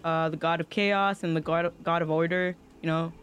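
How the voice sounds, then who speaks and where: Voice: medium pitch, little pitch movement, normal speed, a bit bright, a little hiss or hum. Rambling tabletop game master. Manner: loose, rambling narration with many fillers.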